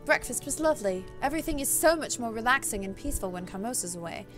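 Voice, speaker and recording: A woman reading the lines of a gentle, hopeful young heroine in a visual novel, soft and earnest. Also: fairly high pitch, animated, quick pace, music in the background, lightly acted. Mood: wistful.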